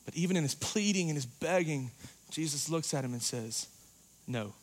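A man preaching a sermon in a dynamic, conversational way, swinging between loud passages and hushed ones. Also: fairly high pitch, brisk. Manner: conversational, uses "like" and "you know".

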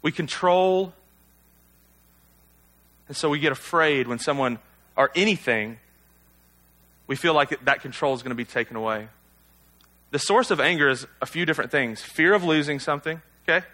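Guy preaching a sermon, bright forward voice a bit on the high side, chatty, keeps asking the crowd questions. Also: normal speed, pauses often. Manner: conversational, self-deprecating, rhetorical questions. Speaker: pastor.

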